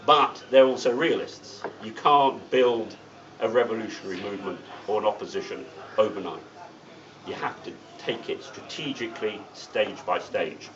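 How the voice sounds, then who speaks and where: Heard from a distant mic, a middle-aged guest speaker with a fairly bright, somewhat low voice addresses a political meeting in a meeting room at normal speed. His speech is blunt and wry, punctuated by sardonic asides. The sound is dull and set back, with a faint hiss beneath it.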